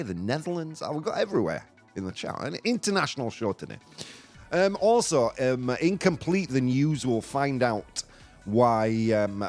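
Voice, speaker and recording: A man's voice: medium pitch, darkish tone. A man hosting a casual live morning show, joking playfully and dropping in Spanish phrases. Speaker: radio show host.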